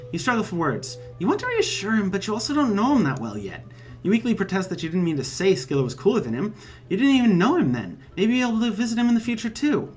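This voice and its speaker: Dude reading through a visual novel with dry jokey asides, soft game music under him. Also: male voice, high voice, wildly swooping pitch, quick pace. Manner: wry, joking asides. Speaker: let's play host.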